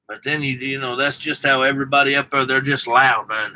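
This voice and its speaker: Talking in a medium pitch with a steady, sharp tone, this Southern US trucker chats live with his viewers, calling them by name. He speaks a little fast with hardly any pauses, and the audio is rough.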